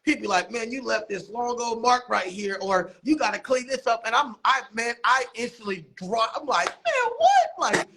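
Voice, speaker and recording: A man, a barber and basketball coach, telling animated stories in a casual interview, acting out quotes. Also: very high voice, normal speed, creaky, few pauses. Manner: animated storytelling, laughs often, acts out quotes.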